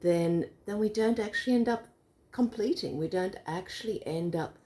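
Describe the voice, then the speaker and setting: A woman's voice: medium pitch, moderate pace, mellow. A woman in a casual bedtime chat, explaining an idea through a visual demo and laughing easily. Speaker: co-host.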